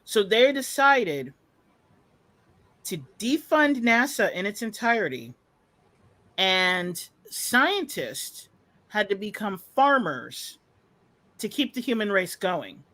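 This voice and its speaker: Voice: mid-range voice, very animated, slow, pauses often, pushed and bright. Profane, sarcastic podcast host. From United States. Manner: rambling with fillers. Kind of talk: casual ranting commentary.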